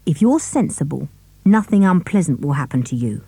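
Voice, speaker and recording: A cold, commanding villain threatens calmly, as a woman reads him. The tone is mellow and shifts lively in pitch. The audiobook sound is dry and close. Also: moderate pace, vocal fry, breathy edge, no room sound, heavily acted. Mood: cold menace. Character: menacing grown man villain, cold and threatening. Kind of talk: audiobook character reading.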